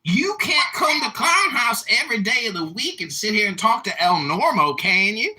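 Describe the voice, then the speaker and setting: A man voicing a loud, bullying ranter who taunts people in a mock rant on a voice-chat app. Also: sing-song, moderate pace, full character voice. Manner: shouting, taunting, high-pitched.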